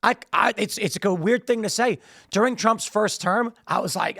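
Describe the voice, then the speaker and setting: A male political commentator with a strained, hoarse voice that sits high and gravelly. He speaks emphatically and often repeats words as he restarts sentences. The sound is close and dry, with no room around it. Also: normal speed, pushed and bright, dry recording. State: losing his voice, strained throat. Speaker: show host.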